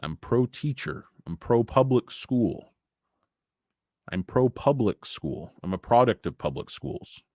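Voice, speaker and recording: A man's voice: mid-range voice, big pitch swings, takes it slowly, dark tone, no echo, studio quality. A man hosting a stock market show, talking casually with blunt, profane opinions and rambling asides full of fillers. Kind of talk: casual livestream rant.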